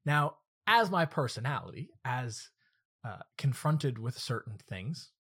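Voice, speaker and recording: Husky-voiced man hosting a podcast. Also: mid-range voice, big pitch swings, measured pace, a bit bright. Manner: direct, earnest, instructive. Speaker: dog trainer and podcast host. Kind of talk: solo podcast monologue with storytelling.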